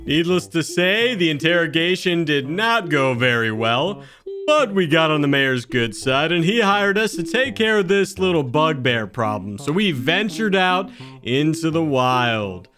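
Wry man narrating a recap, lively pitch. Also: a little slow, soft background music. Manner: wry storytelling.

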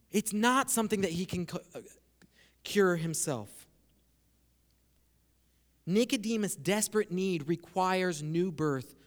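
A man preaching a sermon, explaining a passage verse by verse and slowing down to stress key points. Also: high-pitched, fairly bright tone. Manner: expository preaching, slows down for emphasis. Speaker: pastor. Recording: long hall reverb.

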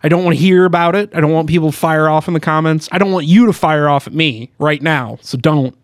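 A man's voice: on the high side, fast talker, dry recording, studio quality. Laughing, talkative man co-hosting a podcast. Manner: laughs often, eager and talkative about bands. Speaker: podcast co-host. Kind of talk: casual chat.

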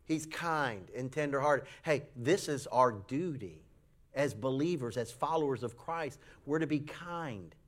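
A man preaching a sermon, telling a folksy story with animated voices for the people in it. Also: unhurried. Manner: folksy, animated storytelling with acted high-pitched quotes. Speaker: pastor.

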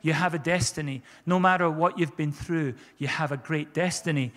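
A man's voice: a little high, fairly even intonation, moderate pace, fairly bright tone, big-room sound. A man preaching a sermon as pastor, fervent and repeating his phrases for emphasis.

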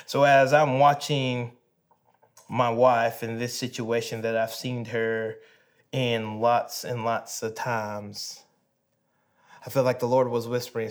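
A man in his thirties giving a sermon as a pastor, telling a family story and moving from hushed, soft moments to animated ones. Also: mid-range voice, slow.

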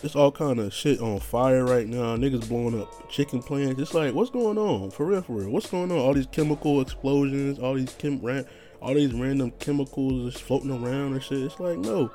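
A man's voice: mid-range voice, moderate pace, mellow, soft background music. A young man hosting his own podcast, rambling casually in a laid-back, profane, slang-heavy monologue. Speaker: podcast host.

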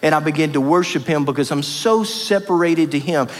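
A man's voice: a little high, fairly quick. A man preaching a sermon as pastor, passionate and emphatic, with lots of repetition. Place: church hall. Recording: reverberant church hall.

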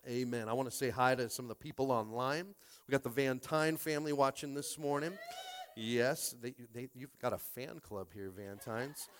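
A man's voice: mid-range voice, normal speed. A man preaching a Sunday sermon as pastor, stumbling over repeated words and rallying his listeners.

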